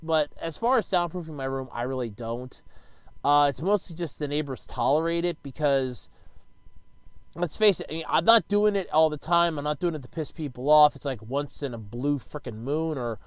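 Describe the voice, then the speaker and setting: A man casually rambling in a home video, swearing freely and now and then bursting out loud, speaking close to a desk microphone in his bedroom. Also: fairly high pitch, normal speed, clear, resonant tone, no echo. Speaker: YouTuber answering viewer questions.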